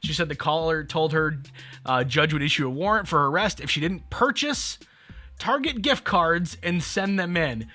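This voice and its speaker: A man's voice: a little high, expressive, normal speed, bright, forceful tone. A man co-hosting a podcast, telling stories in casual chat with wry asides. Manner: chatty storyteller, wry asides. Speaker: podcast co-host.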